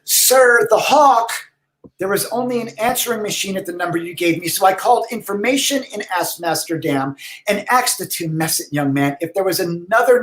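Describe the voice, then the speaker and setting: A man voicing an eccentric, pompous, flamboyant letter writer in a high, theatrical voice with drawn-out words, reading letters aloud for comedy. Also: rough recording.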